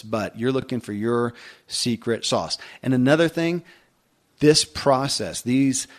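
Male podcast host, earnest motivational monologue, emphatic and casual, middle pitch.

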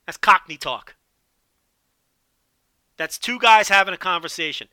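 A man hosting a solo podcast with animated, profane, joking commentary. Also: sits high, unhurried, long pauses, smooth, no room sound, clean studio sound. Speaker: podcast host.

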